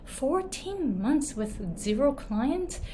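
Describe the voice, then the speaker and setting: A woman's voice: high-pitched, very animated, takes it slowly, warm tone, slight background noise. A woman with a Japanese accent, coaching in a casual storytelling way, chatty with frequent fillers and tag questions. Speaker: online business and pronunciation coach. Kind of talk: casual storytelling advice to camera.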